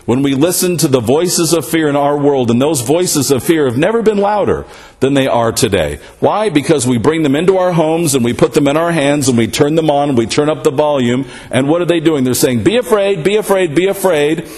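A man's voice: fairly high pitch, animated, fairly quick, a little mellow. A man preaching a sermon, asking rhetorical questions and often adding "right?" to check in with his listeners.

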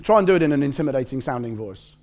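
A man preaching a lively, conversational sermon with humor, reading scripture aloud and commenting as he goes. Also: medium pitch, racing.

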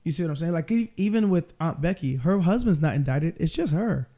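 A man co-hosting a podcast in casual chat, measured and plainly explaining things. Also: on the high side, expressive, dark tone. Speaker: podcast co-host.

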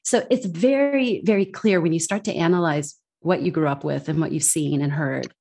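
Woman guest with a slightly low voice, earnest and emphatic. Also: moderate pace, gravelly, darkish tone, husky. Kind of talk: casual conversation.

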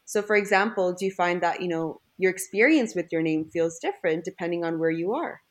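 Young woman from India, low-ish voice, conversational interviewer, relatable. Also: brisk. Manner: relatable, sharing own experience. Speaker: interviewer, student.

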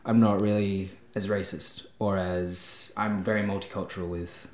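Low-voiced Australian young man, echoey room. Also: level tone, moderate pace. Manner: chatty, trails off with fillers and "yeah". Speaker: guest, YouTuber. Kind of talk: casual podcast interview.

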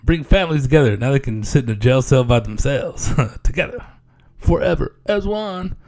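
A man's voice: mid-range voice, brisk, darkish tone. A man hosting a comedy podcast in a casual, joking monologue, loosely repeating "yes, yes" and "man". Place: podcast studio.

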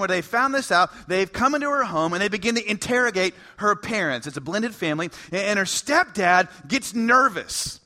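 Animated high-voiced male preacher. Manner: animated, conversational preaching with humor. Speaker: pastor. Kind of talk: sermon.

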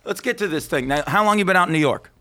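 A man's voice: high-pitched, animated, racing, bright, forceful tone. A man hosting a podcast, brash and joking, swearing freely in casual chat. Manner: brash, swears often, jokey interjections. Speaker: podcast host.

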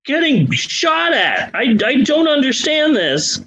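High-voiced man ranting exasperatedly. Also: sing-song, takes it slowly, bright, forceful tone, poor audio. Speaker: podcast co-host. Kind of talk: casual podcast chat.

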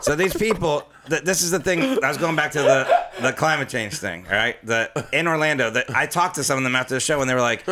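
A man's voice: mid-range voice, fast, hardly any pauses, heavy background noise. A man co-hosting a casual comedy podcast, rambling with lots of fillers. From California. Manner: rambling, many fillers and acted quotes. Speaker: podcast co-host.

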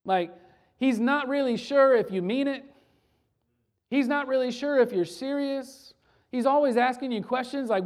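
A man preaching a sermon in a conversational way. He often restarts his words and drops into soft, hushed stretches. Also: very high voice, moderate pace. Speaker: pastor.

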